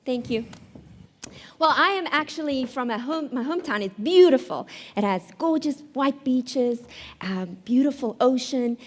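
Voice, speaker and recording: South African woman, host, high voice, playful stand-up delivery on stage. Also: lively intonation, measured pace. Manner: playful, self-mocking, emphatic. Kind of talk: stand-up monologue. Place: live studio stage.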